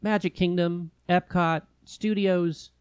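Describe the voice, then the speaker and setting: Playful podcast co-host, dry close sound. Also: male voice, high-pitched, steady tone, slow, clear, resonant tone, no echo, dull audio. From California. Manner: playful, jokey, trails off with fillers. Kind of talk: casual chat.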